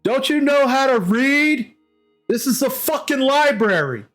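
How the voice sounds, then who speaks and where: A short, foul-mouthed little man with a high, pinched voice, brusque and quick to swear, as a game master puts him on. He snaps at strangers but greets friends loudly in a tabletop game, with faint music playing behind. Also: lively intonation, exaggerated voice. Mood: irritated.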